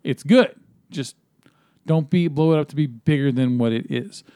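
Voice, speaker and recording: Mellow-voiced male podcast co-host. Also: medium pitch, normal speed, clean tone, no room sound, clean studio sound. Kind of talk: casual chat.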